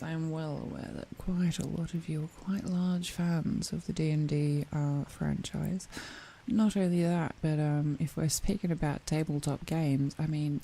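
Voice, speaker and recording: A woman streamer in a whispered role-play, chatting playfully and softly with viewers and often giggling. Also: sits low, slight background noise, low-quality recording.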